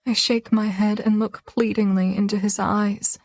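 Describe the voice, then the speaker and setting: A woman's voice: medium pitch, little pitch movement, moderate pace, hardly any pauses, a little mellow, no echo, studio quality. A young woman reads a first-person romance audiobook, her delivery emotional and tearful. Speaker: audiobook narrator.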